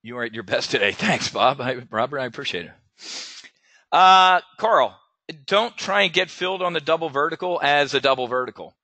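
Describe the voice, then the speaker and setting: A man's voice: medium pitch, lively intonation, normal speed, pushed and bright, no room sound. A man hosting a casual live webinar as an options trading coach, stammering and repeating words, blunt and salty, with pilot slang.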